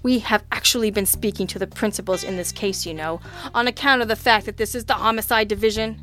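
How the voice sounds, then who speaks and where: A loud, exasperated police lieutenant barks and blusters at the two suspects across the interview table, as a woman reader puts him on. His voice is raised and pushed, testy and short of patience. Faint music plays under the reading. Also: mid-range voice, steady tone, fast talker, natural voice. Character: gruff blustering male homicide lieutenant. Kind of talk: audiobook character voice.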